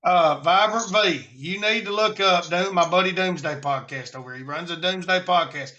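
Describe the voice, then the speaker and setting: A man's voice: sits high, normal speed, bright, forceful tone, highs cut off. A man from Alabama with a Southern accent, hosting a casual live stream about preparedness in a folksy, rambling way.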